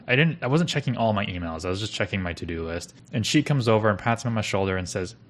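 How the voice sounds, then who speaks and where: Young guy with a lowish voice on a podcast, rambling story, says like a lot, lots of restarts. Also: lively intonation, fast talker. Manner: rambling, filler-heavy with frequent "like" and restarts. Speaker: podcast co-host. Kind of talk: casual storytelling chat.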